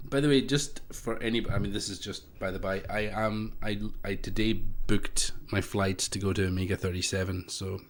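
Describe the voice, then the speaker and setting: A man from the Isle of Lewis with a Scottish accent, hosting a casual livestream and answering viewer questions in a rambling, hesitant way full of fillers. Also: on the low side. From Isle of Lewis, Scotland. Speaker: livestream host, hobbyist hardware maker.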